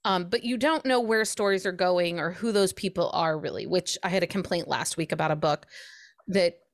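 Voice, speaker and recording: A woman co-hosting a casual book podcast, lively and chatty, often acting out characters' lines. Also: fairly low pitch, normal speed, no room sound. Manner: animated, acts out characters' lines with laughs. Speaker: podcast co-host.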